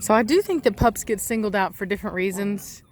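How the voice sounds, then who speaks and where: A woman's voice: brisk, slight background noise. Texan lady breeder chatting outside with her dogs, cooing at them sing-song, dogs barking behind. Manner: coos and calls to dogs in a high sing-song voice. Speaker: dog breeder. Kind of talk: casual outdoor vlog talking to dogs. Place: outdoors in a rural yard. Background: dogs barking and rural ambience.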